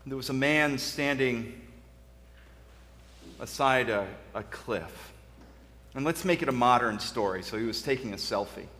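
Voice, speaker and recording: A man's voice: mid-range voice, animated, unhurried, pauses often, pushed and bright, a little hiss or hum. A male interim pastor preaching a sermon in a church sanctuary, telling stories in a conversational way with frequent restarts. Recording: long church reverb.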